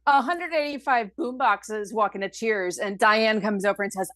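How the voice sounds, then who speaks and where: A woman's voice: medium pitch, normal speed, few pauses, a bit bright, no room sound. Woman improv player, dry close sound. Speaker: improv performer. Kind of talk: improv comedy bits.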